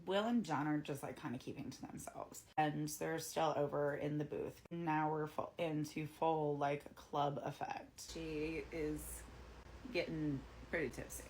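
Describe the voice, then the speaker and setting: Woman, 30s, deep-ish voice, casual storytime delivery, animated when quoting people. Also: unhurried, a little hiss or hum. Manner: chatty, animated quoting of others, lots of "like". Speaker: bartender.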